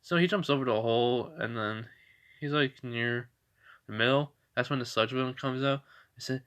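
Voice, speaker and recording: A man's voice: medium pitch, normal speed, fairly bright tone. A young man casually telling a fan fiction story, rambling with fillers and restarts.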